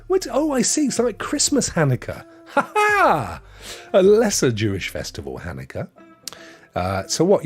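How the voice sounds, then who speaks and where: Chatty man hosting a live stream; very lively pitch, joking with chat, faint music behind. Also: husky. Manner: chatty, jokey, reads chat aloud.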